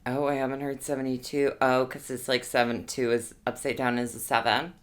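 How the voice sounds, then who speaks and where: A woman's voice: very deep voice, flat delivery, a little fast. A woman co-hosting a podcast in casual chat, gushing and effusive, full of slang. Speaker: podcast co-host.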